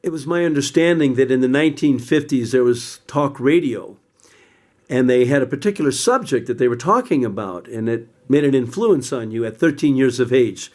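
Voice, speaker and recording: A man interviewing, asking plain, measured questions. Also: medium pitch, lively intonation, a little mellow.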